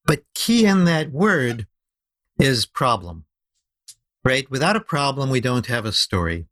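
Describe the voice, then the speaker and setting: A man who is a guest on a podcast, explaining storytelling in an animated way and slowing down to stress his points. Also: mid-range voice, no room sound. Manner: animated explaining, slows down for emphasis. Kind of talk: conversational podcast interview.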